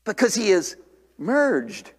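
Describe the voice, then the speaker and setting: An older man preaching a revival sermon in a church, animated, swinging from shouts down to near whispers. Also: high voice, takes it slowly, slightly rough, long reverb tail. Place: church sanctuary.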